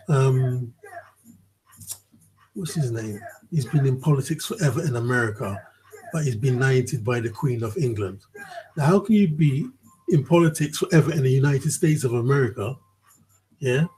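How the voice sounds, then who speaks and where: A man's voice: medium pitch, warm tone, a little hiss or hum, rough recording. A man vlogging in a rambling, casual commentary monologue, swearing freely and often checking in with the listener.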